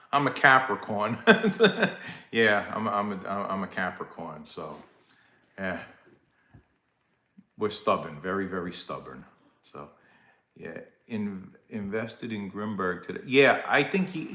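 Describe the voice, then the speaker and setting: A man's voice: fairly low pitch, bright, forceful tone. A man with a Brooklyn and Staten Island accent hosting a live stream, chatting loosely with viewers and greeting them by name as he rambles and restarts. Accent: New York (Brooklyn/Staten Island). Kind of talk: casual live stream chat. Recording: echoey room.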